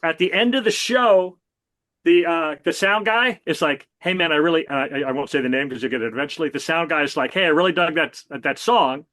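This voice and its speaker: A man's voice: on the high side, brisk. Enthusiastic male podcast co-host. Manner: enthusiastic, animated anecdotes. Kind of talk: casual music chat and storytelling.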